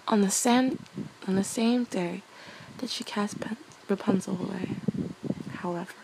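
Young woman softly reading a bedtime story. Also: medium pitch, measured pace, gravelly, noisy background. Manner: soft, casual, laughs at her own slips.

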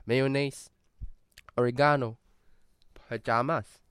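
Creaky-voiced man putting on a Singaporean accent. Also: medium pitch, lively intonation, slow pace, a little mellow, no echo. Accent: put-on Singaporean English. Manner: playful and profane, joking asides. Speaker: vlogger doing an accent tag. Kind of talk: casual chat reading prompts.

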